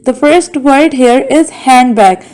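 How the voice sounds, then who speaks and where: Woman, Bangladeshi English accent, high-pitched; patient teacher who drills words syllable by syllable. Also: a little mellow, poor audio. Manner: slow, carefully sounds out words syllable by syllable. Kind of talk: classroom lesson.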